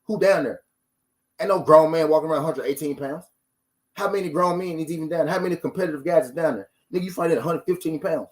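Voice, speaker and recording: A man's voice: fairly high pitch, quick pace. A man hosting a boxing talk stream, ranting casually to his viewers with profanity, rhetorical questions and lines repeated for emphasis.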